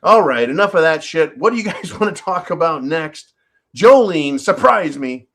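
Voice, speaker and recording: A man's voice: fairly high pitch, lively intonation, normal speed, a bit bright. A man hosting a show in a casual, swearing rant and often chuckling. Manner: profane, ranting, chuckling often. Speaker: host. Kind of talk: casual ranting monologue.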